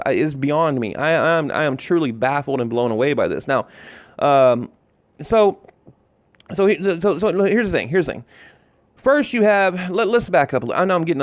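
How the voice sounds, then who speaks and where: A man's voice: fairly high pitch, no echo. A man giving heated, exasperated commentary on boxing, repeating himself and swearing as he rants. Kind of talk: ranting commentary.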